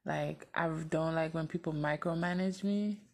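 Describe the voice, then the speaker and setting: A woman's voice: low-pitched, fairly even intonation, measured pace, vocal fry, a little mellow. A woman venting to the camera in a casual, blunt and profane way, often repeating herself and laughing.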